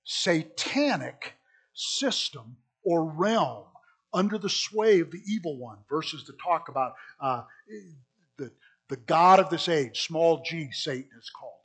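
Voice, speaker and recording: Emphatic preacher man, higher voice. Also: animated, slow, breathy edge. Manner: emphatic, swinging between loud stresses and quiet asides; addresses listeners as folks. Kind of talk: sermon.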